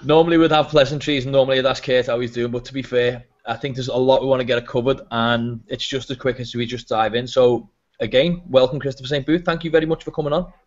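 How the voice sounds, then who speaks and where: A man's voice: mid-range voice, steady tone, quick pace. A man hosting a casual podcast, chatty and rambling with plenty of fillers. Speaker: podcast host. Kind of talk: casual chat. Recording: dull lo-fi web broadcast audio.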